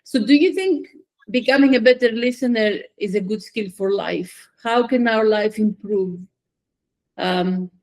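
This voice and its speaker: A woman's voice: mid-range voice, measured pace, darkish tone. A woman musician hosting an interview, speaking reflectively and searching for her words. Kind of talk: interview conversation.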